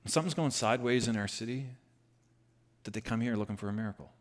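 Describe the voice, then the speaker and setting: A man preaching a conversational sermon, retelling a scripture story with lively bursts. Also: mid-range voice, quick pace. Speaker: pastor.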